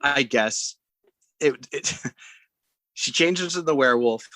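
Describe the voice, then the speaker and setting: Guy on a movie podcast recapping scenes, bright punchy voice, dry close mic, kinda rambly. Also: medium pitch, slow, dry recording, rough recording. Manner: rambling retelling with acted-out quotes, frequent restarts. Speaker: podcast co-host. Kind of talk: casual movie recap chat.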